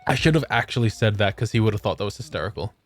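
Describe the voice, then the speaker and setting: A tired young man chats with his stream while he plays a game, easygoing and quick to swear. His voice sits low but moves a lot in pitch. He jokes in a loose, relaxed way. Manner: laid-back, swearing, joking. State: tired after a long work shift. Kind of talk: casual chat while gaming.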